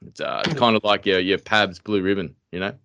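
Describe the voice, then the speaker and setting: A man's voice: deep voice, brisk, sharp tone, no echo. An Australian man hosting a podcast, talking in a laid-back, joking way with lots of fillers. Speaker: podcast host. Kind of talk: casual interview chat.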